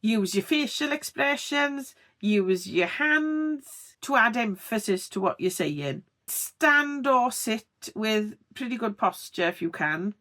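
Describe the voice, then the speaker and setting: Woman, tutorial presenter, unhurried, animated pitch, crisp over-articulated delivery. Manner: expressive, deliberately over-articulated. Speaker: video creator teaching on-camera speaking. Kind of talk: tutorial vlog.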